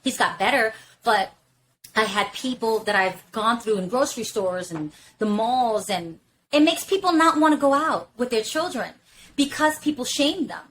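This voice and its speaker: An outspoken woman in casual podcast talk, her voice sitting fairly high. She speaks candidly and emphatically, drops curse words freely, and keeps circling back with "you know what I'm saying". A faint hiss of background noise sits under her. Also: lively intonation, normal speed, fairly bright tone, rough recording. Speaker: podcast talker.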